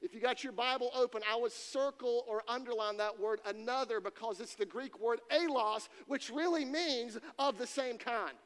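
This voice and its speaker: A man's voice: very high voice, moderate pace, hardly any pauses, fairly bright tone. A man preaching a sermon to students, emphatic and repeating key phrases for weight. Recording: long reverb in a hall.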